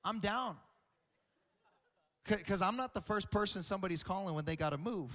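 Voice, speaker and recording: Animated high-voiced young pastor. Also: male voice, normal speed. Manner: animated, joking, repeats words. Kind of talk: comedic sermon. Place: large church auditorium. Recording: reverberant church hall.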